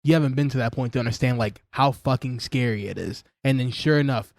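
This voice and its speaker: A man co-hosting a comedy podcast, telling a story in an excited, profane way. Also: mid-range voice, fairly quick, vocal fry, no echo. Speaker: podcast co-host. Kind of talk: casual chat.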